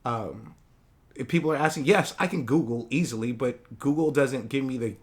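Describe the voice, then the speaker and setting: A man's voice: mid-range voice, moderate pace. A man who grew up in Hawaii, a podcast guest talking casually and reflectively, often searching for his words. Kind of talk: casual conversation.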